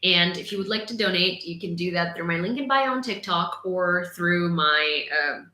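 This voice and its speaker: A woman's voice: on the low side, normal speed, bright, forceful tone. A young woman from Ukraine, hosting a casual news livestream, talking indignantly with lots of fillers. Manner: indignant, talkative, many fillers. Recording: echoey room.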